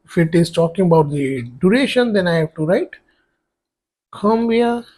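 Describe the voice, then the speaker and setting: A man's voice: high-pitched, lively intonation, moderate pace, darkish tone. A man teaching a French grammar lesson for exam prep, explaining step by step as he writes on a board and spelling words out letter by letter. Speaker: French tutor.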